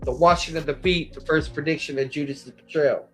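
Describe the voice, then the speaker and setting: A man's voice: on the high side, steady tone, brisk, a bit bright, faint music behind. A man giving an explanatory Bible lecture, citing verses and paragraphs and sometimes restarting words. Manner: explanatory, cites verse numbers, occasional restarts. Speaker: Bible teacher. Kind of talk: lecture on scripture.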